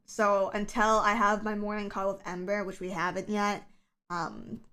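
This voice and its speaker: A woman's voice: mid-range voice, little pitch movement, moderate pace, sharp tone, clean tone. A woman streamer chatting casually on a livestream, rambling with lots of fillers, her voice scratchy from the early morning.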